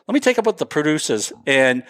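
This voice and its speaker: A man hosting a casual chat, interviewing a guest with quick back-and-forth. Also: fairly high pitch, sing-song, a bit bright. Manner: friendly interviewer, quick affirmations. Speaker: podcast host.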